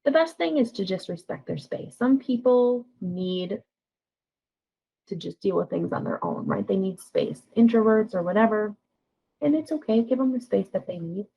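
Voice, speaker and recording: A woman's voice: mid-range voice, expressive, moderate pace, vocal fry, dark tone, breathy edge. A woman counselor giving a conversational training talk, often checking in with "right?" and acting out sample lines. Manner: conversational, frequent tag questions, acts out example lines. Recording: dull lo-fi sound.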